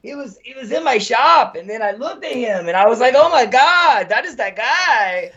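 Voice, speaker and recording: A man putting on a high sing-song shop worker. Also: sing-song, normal speed, sharp tone, highs cut off, full character voice. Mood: excited. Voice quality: high, lilting, exaggerated.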